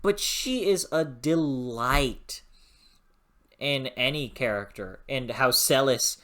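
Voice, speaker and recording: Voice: mid-range voice, slow, fairly bright tone. A book reviewer in a casual video review, swearing freely, laughing often and losing the train of thought. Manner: frequent laughter.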